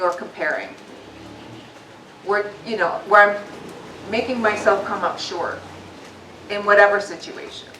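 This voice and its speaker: A woman gives a candid motivational talk to a live audience, chatting loosely with plenty of ums. Her mid-pitched voice is heard from some distance off the mic. It carries round an echoing hall, with a faint hum of room noise underneath. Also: a bit bright. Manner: candid, conversational, frequent fillers. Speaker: guest speaker.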